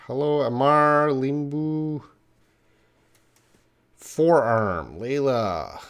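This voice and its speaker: A young man with a medium-pitched voice and lively intonation, speaking a little slowly, answers viewers' questions on an English-lesson live stream. He reads each one aloud, encourages people, talks to them directly, and repeats their names.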